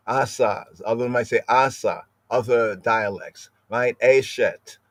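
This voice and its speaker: A man's voice: lowish voice, no room sound. Man, scripture study host, explanatory, repeats words, dry close voice. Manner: explanatory, keeps adding "right?" and repeats words; lingers over word pronunciations. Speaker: podcast host teaching scripture. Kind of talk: live-streamed scripture study.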